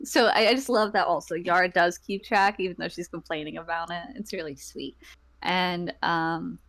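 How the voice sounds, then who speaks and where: A woman's voice: on the low side, fairly even intonation, normal speed, gravelly, fairly bright tone. A woman giving a rambling, casual recap of the last tabletop game session, full of fillers and acted-out lines from her friends.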